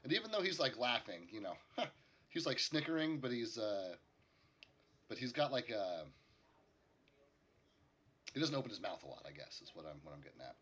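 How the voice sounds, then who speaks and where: A man's voice: medium pitch, sing-song, normal speed, long pauses, a bit bright, slightly rough. A man narrating as game master of a tabletop game, rambling and correcting himself as he goes.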